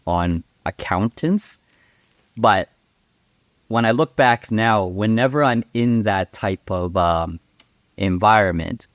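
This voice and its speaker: A frank, outspoken man chats as an interview guest, rambling through stories with fillers and tag questions. His voice sits fairly low. The sound is dry and close, with no room around it. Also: no room sound. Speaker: podcast guest. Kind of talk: casual conversational storytelling.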